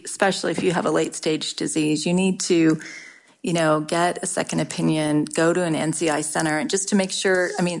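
A middle-aged woman talking candidly in an interview, halting often and restarting her sentences. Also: on the low side, creaky. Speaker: guest sharing her cancer story. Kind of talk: casual interview talk.

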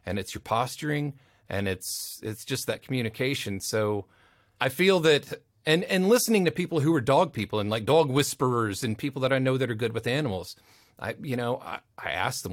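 A man, a voice actor, talks in a loose, rambling way during a relaxed interview, now and then dropping into playful little voices for the people he quotes. His voice sits at an ordinary male pitch. The studio sound is dry and close. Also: a little fast, no room sound. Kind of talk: casual interview storytelling. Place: recording studio.

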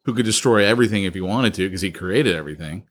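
A man's voice: deep voice, fast. A man co-hosting a podcast, chatting casually and telling stories with frequent laughs over a remote call. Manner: chatty, laughs often, storytelling. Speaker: podcast co-host.

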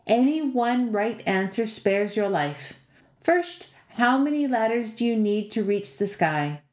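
Brief: woman reader doing a cruel riddling giant, slow menacing delivery, roomy sound. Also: on the high side, expressive, darkish tone, voice pushed up. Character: hungry three-headed male giant, riddling and cruel.

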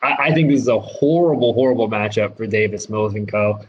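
A man co-hosting a casual sports betting podcast, giving his picks in a relaxed, confident way. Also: lowish voice, brisk, muffled recording, a little hiss or hum. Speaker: podcast co-host picking games.

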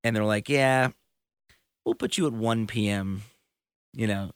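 A man's voice: on the low side, fairly even intonation, normal speed, smooth, no echo, clean studio sound. A man, a touring musician, telling stories in casual conversation, rambling and full of fillers. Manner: rambling storyteller, many fillers.

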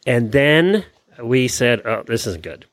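A man's voice: mid-range voice, very animated, slow, fairly bright tone, no room sound. Chatty male podcast host, dry sound. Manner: chatty, stumbling restarts, chuckles easily. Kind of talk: casual chat and anecdote.

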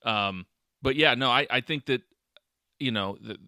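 Opinionated male podcast co-host, low but bright and forceful, stammery, dry close sound. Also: measured pace, dry recording. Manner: opinionated, stammers and repeats words. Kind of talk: casual chat.

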